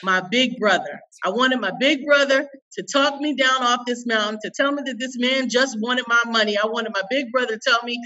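A woman coach, a guest in an interview, telling a personal story in an emphatic, expressive way. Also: a little high, a little fast, few pauses, far from the mic, highs cut off.

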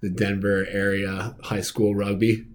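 A man's voice: on the low side, flat delivery, measured pace, slight background noise. Joking, enthusiastic male podcast host. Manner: enthusiastic, joking, gives shout-outs. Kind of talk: casual podcast interview.

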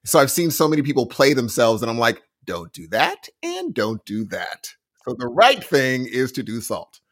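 A man's voice: mid-range voice, sing-song, moderate pace, fairly bright tone, dry recording. A man co-hosting a casual podcast with dry jokes. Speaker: podcast co-host. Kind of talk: casual chat.

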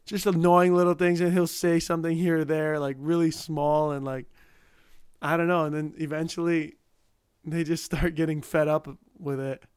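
A man's voice: on the high side, level tone, normal speed, darkish tone, clean tone, no room sound, studio quality. A young man co-hosting a casual chat, rambling and laughing as he tells stories.

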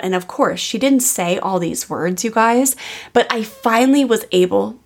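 Earnest woman with a gravelly edge. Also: mid-range voice, normal speed. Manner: earnest, casual, peppered with "like". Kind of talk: personal storytelling.

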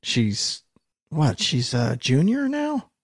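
A man hosts a casual conversation with a gravelly, fry-edged voice and dry quips. The sound is close and dead, with no room around it. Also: on the high side, wildly swooping pitch, slow pace, dry recording. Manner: wry, joking, steers the talk. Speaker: podcast host. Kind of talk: casual chat.

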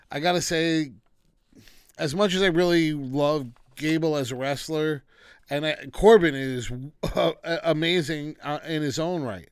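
A man's voice: on the high side, smooth, no echo, clean studio sound. A man hosting a casual wrestling recap, ranting with exasperated, dismissive asides.

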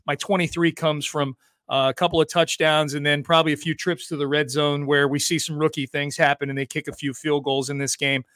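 A man hosting a sports talk podcast, chatty and energetic, talking quickly about football. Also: fairly high pitch, no echo, studio quality. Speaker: podcast host.

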